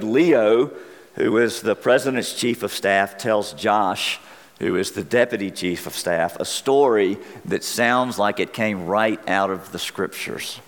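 A man preaching a sermon as pastor, earnest and deliberate, his voice wearing thin. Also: lowish voice, in a large hall.

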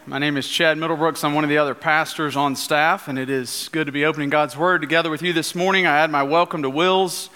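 Man pastor preaching, bright slightly high voice, big church reverb. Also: fairly even intonation, clear, resonant tone. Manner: earnest preaching, slowing into hushed prayer. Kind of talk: sermon. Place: church sanctuary.

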